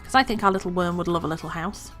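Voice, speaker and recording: A woman hosting a let's play, chatting casually and excitedly about what she sees in the game. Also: on the low side, racing, soft background music. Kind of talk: casual gameplay commentary.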